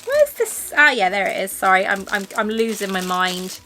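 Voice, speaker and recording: Gushing, bright-voiced woman vlogger. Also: medium pitch, big pitch swings, normal speed, slight background noise. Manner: gushing, rambling, laughs often. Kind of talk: casual chatty haul vlog.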